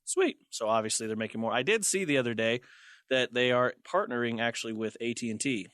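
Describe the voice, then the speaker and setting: A young man hosts a casual tech podcast, joking around and laughing often between points, sometimes letting out goofy high squeals. His voice is brisk and fairly bright, recorded dry at studio quality.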